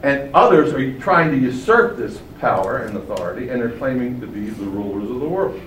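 Emphatic preacher in an echoey room. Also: male voice, mid-range voice, lively intonation, fairly quick, a little hiss or hum. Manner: emphatic, rhetorical questions, sweeping shifts in loudness. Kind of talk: sermon. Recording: echoey room from far off, faint ambience.

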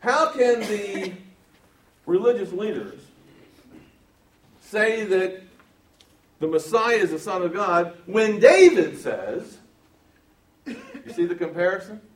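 A man preaching a verse-by-verse Bible sermon, swinging from quiet explanation to loud emphasis and asking his audience questions. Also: sits high, animated, slow, long pauses. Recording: roomy sound from a distance.

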